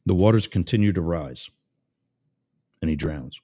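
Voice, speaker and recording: A man hosting a talk radio show, ranting with sarcasm and telling jokes in an animated way. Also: sits low, unhurried. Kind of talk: talk radio monologue with a live-read ad.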